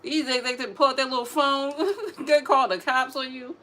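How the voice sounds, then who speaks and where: Sassy animated woman, drawl. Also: high voice, normal speed, a little hiss or hum. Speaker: mother vlogging about parenting. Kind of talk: casual talk to camera.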